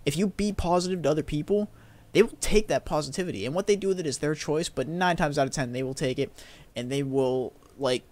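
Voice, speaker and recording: A man's voice: a little high, fairly quick, a little mellow. A young man and YouTube gaming creator, talking casually to camera in a rambling, upbeat way with frequent laughs.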